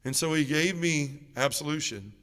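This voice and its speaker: A middle-aged man tells his personal testimony to a parish gathering, earnest and acting out each person in the story. His voice sits a little high for a man. A long church reverb hangs behind him. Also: normal speed, fairly bright tone. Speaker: parish mission speaker. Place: large church.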